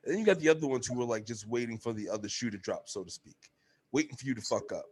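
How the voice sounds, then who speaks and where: A young man hosting a casual podcast, telling animated stories, swearing freely and acting out quotes in a high voice. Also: fast talker, husky. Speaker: podcast host. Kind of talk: casual chat.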